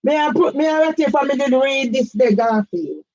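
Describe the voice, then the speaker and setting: A woman's voice: high-pitched, expressive, moderate pace, a little mellow, highs cut off. A woman, giving an emphatic direct-address complaint, firing pointed questions at one man by name. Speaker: campaigner vlogger.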